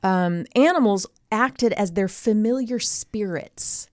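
A woman's voice: medium pitch, slow, no room sound, studio quality. A woman co-hosting a podcast, telling a story in casual chat with lots of asides. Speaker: podcast co-host.

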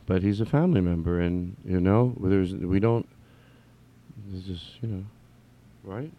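A man delivers an off-the-cuff personal monologue that meanders through stammered restarts and coarse swearing, rising from quiet reflection to loud, impassioned ranting. His voice sits low and he speaks a little slowly, with dull-sounding audio.

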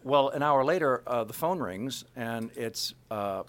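A man's voice: medium pitch, lively intonation, a little slow. A man from the Kansas City area telling an anecdote about his career as a voice actor, acting out the dialogue as he goes.

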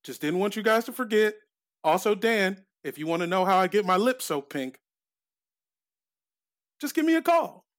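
A man's voice: sits high, animated, normal speed, pauses often. A man co-hosting a comedy podcast in casual chat, reading out joke letters in a dry way. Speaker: podcast co-host.

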